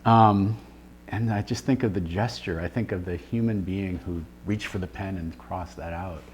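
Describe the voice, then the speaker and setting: A man, talking things through slowly in an interview, pausing on fillers and restarting his sentences. A faint hum sits under the recording. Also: sits low, darkish tone. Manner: thoughtful, with many fillers and restarts. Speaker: writer and editor. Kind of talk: reflective interview answers.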